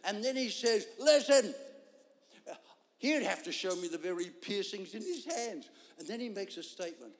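A man preaching a sermon, telling a story in an animated way and acting out the voices of people in it. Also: sits high, a little fast, hardly any pauses. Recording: long hall reverb.

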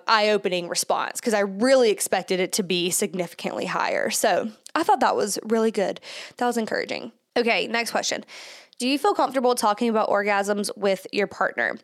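A woman of middle pitch talks through her podcast in a loose, chatty way, leaning on fillers and breaking into laughs often. She sounds a little out of breath, and her nose is stuffed up. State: slightly out of breath. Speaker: podcast host. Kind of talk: casual solo podcast talk.

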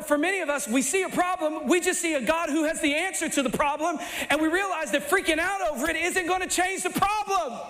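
A male preacher delivering a sermon in an animated, playful way, sometimes bursting into shouts. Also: very high-pitched, big-room sound.

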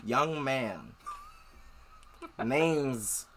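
A man voicing a sassy, stern older male camp director in an attempted Southern US accent, speaking slowly with a drawl. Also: mid-range voice, lively intonation, a bit bright, slight background noise, heavily acted.

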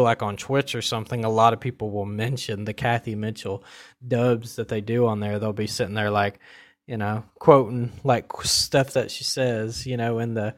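A man casually commenting on comedy dubs, rambling with many fillers, restarts and chuckles. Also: on the low side.

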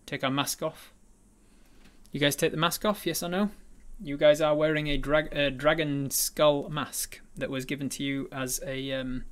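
A man's voice: fairly high pitch, fairly even intonation, normal speed, fairly bright tone. Man narrating as game master. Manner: descriptive narration with frequent ums and uhs. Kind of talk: narrating a tabletop game livestream.

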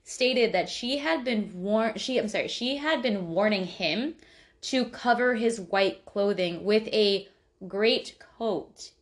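A woman hosts a casual podcast conversation in an everyday middle-pitched voice. She swears freely, breaks into laughter often, and trails off to correct herself. Her talk stays loose and unscripted. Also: takes it slowly. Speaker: podcast host. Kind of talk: casual chat.

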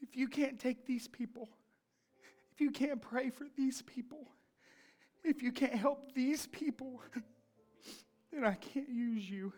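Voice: sits high, takes it slowly, long pauses, a little mellow. A woman preacher voicing God in a solemn, repetitive, earnest manner. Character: God speaking, firm and earnest.

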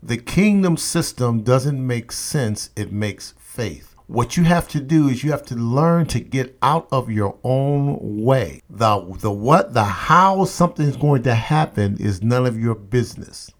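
A man's voice: medium pitch, expressive, a little slow, few pauses. Motivational host, man, emphatic storyteller, leans on repetition. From St. Louis area, USA. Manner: emphatic, repeats refrains for effect. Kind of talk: personal storytelling talk.

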